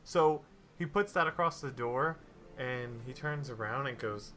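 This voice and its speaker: Give me a male game master narrating a tabletop game. He talks in a loose, casual way in a bright, forceful voice, with faint music underneath. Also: medium pitch, unhurried. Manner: loose, filler-heavy narration.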